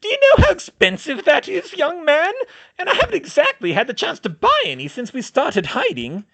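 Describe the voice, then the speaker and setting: A man voicing a fussy, stingy old witch with a creaky voice. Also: very high voice, huge pitch swings, moderate pace, fairly bright tone, pitched above the performer's own voice, exaggerated voice. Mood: indignant.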